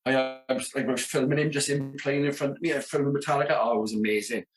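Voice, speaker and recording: A man's voice: mid-range voice, fairly even intonation, very fast, over music. A South Welsh man in his thirties, a rock drummer telling tour stories as a podcast guest, acting out the dialogue with lots of "you know what I mean". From Wales, Merthyr Tydfil area. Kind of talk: casual storytelling.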